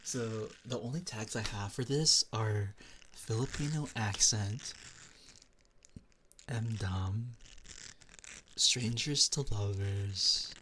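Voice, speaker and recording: A man's voice: lowish voice, bright, forceful tone, a little hiss or hum. A man streaming as an ASMR VTuber, chatting casually and greeting viewers by name, with lots of filler words. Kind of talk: casual live-stream chat.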